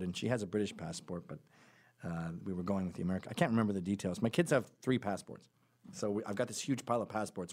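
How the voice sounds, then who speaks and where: A man hosting a podcast, telling a long casual story with many asides and self-corrections, and acting out the other people in it. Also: fairly low pitch. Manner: acts out quoted voices in the stories. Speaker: podcast host.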